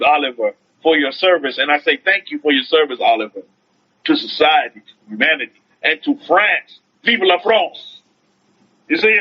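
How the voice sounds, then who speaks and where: A man, a rabbi, giving an informal online teaching to his followers. He talks in a preachy way, repeats his phrases, asks rhetorical questions and reads out viewer comments. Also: sits high. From United States. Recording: dull lo-fi stream audio.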